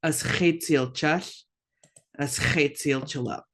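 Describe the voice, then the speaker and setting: A woman teaching a language lesson, slow and patient, repeating words for learners to echo. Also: low-pitched, creaky, a bit bright.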